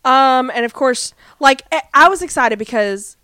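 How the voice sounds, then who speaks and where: A chatty woman co-hosting a fan podcast, breezing through an episode recap and jumping into the characters' lines. Her voice is smooth and clean. The recording is dry, with no room sound. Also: sits high, expressive, normal speed, pushed and bright, dry recording. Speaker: podcast co-host. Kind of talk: casual fan podcast chat.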